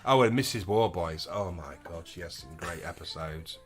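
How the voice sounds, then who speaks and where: Low-voiced man fondly recalling old sitcoms. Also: moderate pace, faint music behind. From England. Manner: fond, enthusiastic about favourite episodes. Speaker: co-host. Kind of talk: casual chat.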